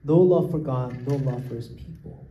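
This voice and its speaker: A man's voice: medium pitch, moderate pace, highs cut off. A man preaching a sermon, explaining scripture and often asking "right?" as he goes. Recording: roomy echo.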